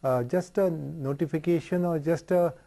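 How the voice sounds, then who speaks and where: A man, a company chairman joining from a remote studio, speaking in a measured way and reasoning aloud with fillers. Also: a little high, creaky, dark tone. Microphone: remote studio link.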